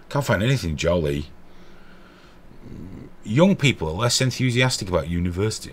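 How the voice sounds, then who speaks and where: A man's voice: deep voice, sing-song, normal speed, long pauses. A man hosting a show, joking crudely and swearing a lot. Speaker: show host. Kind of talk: crude comedic banter.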